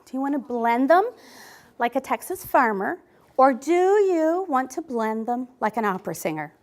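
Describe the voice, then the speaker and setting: A woman first grade teacher, coaxing her class along and sounding out letters slowly and clearly, with short asides explaining her lessons. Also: high-pitched, very animated. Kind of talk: classroom teaching and interview commentary. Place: elementary classroom.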